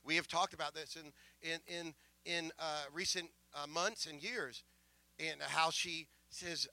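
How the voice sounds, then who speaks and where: A middle-aged male pastor telling a story in a sermon, emotional, with many stammering restarts, swinging from soft asides to loud proclamations. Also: on the high side, fairly quick, dry recording.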